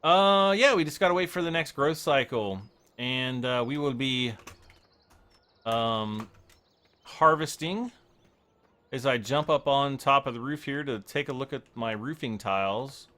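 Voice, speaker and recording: A man livestreams a farming game with casual, giggly commentary, rambling and frequently losing his thread as he cracks up laughing. His medium-pitched voice is bright and forceful, running a little slow.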